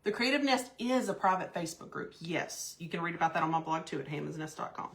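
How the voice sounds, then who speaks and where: A woman's voice: fairly low pitch, expressive, fast, vocal fry. Lady doing a live craft demo, chatty and gushy, says hi to folks by name. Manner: gushing, chatty, greets viewers by name. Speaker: craft host. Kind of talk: live-stream craft demonstration.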